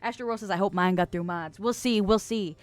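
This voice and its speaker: A woman's voice: medium pitch, brisk, no echo, faint music behind. A woman from the US West Coast hosting a live stream, reading chat messages aloud in a casual, playful way and laughing often. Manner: chatty with frequent fillers and restarts. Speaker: streamer host.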